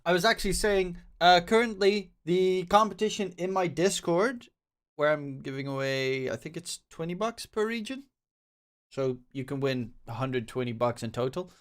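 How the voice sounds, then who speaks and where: A man's voice: a little high, moderate pace. A man hosting a co-stream, chatting loosely and plugging a giveaway to viewers. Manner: loose, joking, promotional asides. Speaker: co-stream host. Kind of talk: casual streamer chat.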